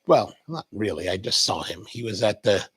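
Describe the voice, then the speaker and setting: A man's voice: lowish voice, expressive, moderate pace, fairly bright tone, breathy edge. A man hosting a coffee livestream, chatting casually and rambling while he answers viewer comments.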